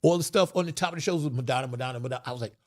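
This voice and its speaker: A mid-pitched man tells his musical life story with emphatic, animated energy, leaning hard on key words. The sound is dry and close, as from a studio mic. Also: very fast, no room sound. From Long Island, New York. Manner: emphatic, rising into excited bursts. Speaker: funk musician, guest.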